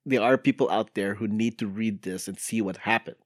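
A man's voice: fairly low pitch, brisk, no room sound, clean studio sound. A man co-hosting a casual podcast chat, laughing often and restarting his sentences. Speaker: podcast co-host.

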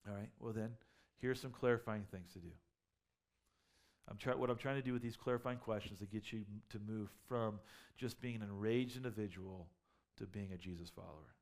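A man's voice: on the low side, steady tone, fairly quick. A man preaching a sermon as a pastor, conversational and full of rhetorical questions, building up to emphatic peaks.

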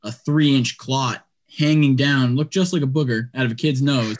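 A young man casually telling a long story on a podcast, chatty and animated, peppering his talk with "like" and "dude". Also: medium pitch, moderate pace.

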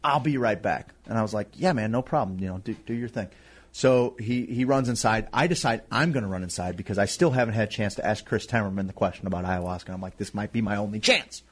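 Husky wry man telling a story. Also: lowish voice. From Indiana. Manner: wry, self-deprecating storyteller doing quick impressions. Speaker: radio show host. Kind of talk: casual comedic storytelling.

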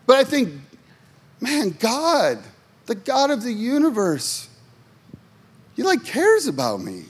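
A man's voice: very high-pitched, wildly swooping pitch, slow pace, breathy edge. A male pastor preaching a sermon with emphatic rhetorical questions and joking asides to the congregation.

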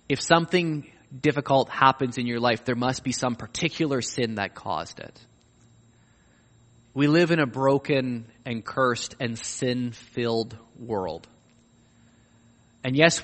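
Male preacher, emphatic sermon delivery, high and very animated voice, big reverberant church. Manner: emphatic, swings from loud rising pleas to low quiet endings. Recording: long reverb of a large hall.

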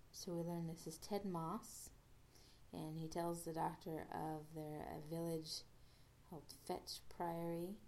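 A woman hosts a podcast and recaps an episode in a loose, rambling way, full of fillers and restarts. Her voice sits low and has a gravelly fry. The tone is dark and mellow. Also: slight background noise. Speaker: podcast host.

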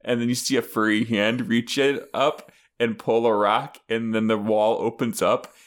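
A man's voice: mid-range voice, fairly even intonation, moderate pace. A man co-hosting a podcast, chatting casually and laughing as he spins a made-up story. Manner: playful, laughs while telling a made-up story. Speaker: podcast co-host. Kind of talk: casual chat.

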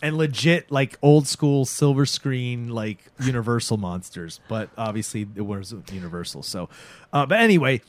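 Animated man retelling a show. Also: mid-range voice, normal speed. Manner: animated, acts out characters' lines, swears freely. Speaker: podcast host recapping a show. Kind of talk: casual chat.

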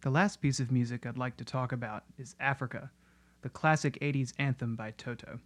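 A man giving scripted narration that explains music in an analytical, steady way. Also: mid-range voice, brisk, no room sound. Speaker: music video essayist.

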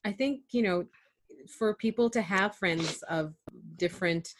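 A woman hosts a relaxed chat in a mid-pitched voice. She is expressive and breaks into laughter often. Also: measured pace, a little hiss or hum. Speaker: podcast host. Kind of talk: casual chat.

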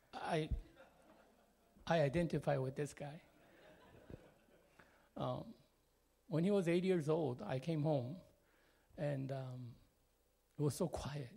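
A man from Korea speaking English, telling a personal family story. He talks expressively, jumping between loud and quiet, with many fillers. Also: on the high side, gravelly, breathy edge.

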